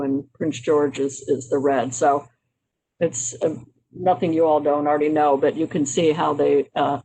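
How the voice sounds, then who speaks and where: A presenter from Maryland speaks to a county committee while moving through slides. The talk is relaxed and conversational, with frequent um and uh fillers and restarted phrases. The voice sits at an ordinary middle pitch. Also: gravelly, rough recording. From Maryland, United States. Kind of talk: informal slide presentation on urban history.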